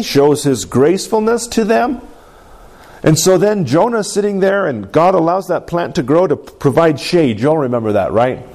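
Pastor guy preaching, gravelly voice, earnest storytelling, asks the crowd amen. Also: a little high, a little mellow. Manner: earnest storytelling with congregation call-outs. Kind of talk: sermon.

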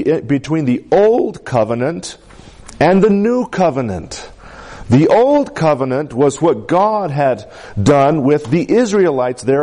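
A man delivering a sermon in a fairly high voice that swoops and climbs with emphasis. He leans hard on key words and keeps asking the congregation for an amen. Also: a little mellow. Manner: emphatic preaching with congregation call-outs. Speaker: pastor.

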